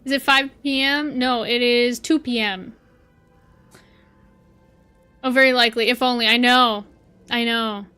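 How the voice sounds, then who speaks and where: Bright high-voiced Canadian woman streamer. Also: fairly even intonation, unhurried, pauses often, smooth, faint music behind. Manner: chatty, talks back to chat while playing. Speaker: game streamer. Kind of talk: casual livestream chat.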